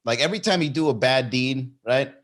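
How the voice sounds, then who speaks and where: A man hosting a comedy podcast, telling a story in a loose monologue and jumping into high voices for the people in it. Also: a little fast. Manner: animated, jumps into high-pitched impressions of people in his stories.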